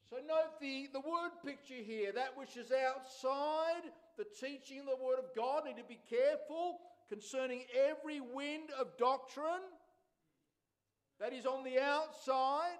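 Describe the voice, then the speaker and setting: Man, pastor, very high voice, unhurried emphatic sermon delivery. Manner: slow, emphatic preaching with repeated phrases.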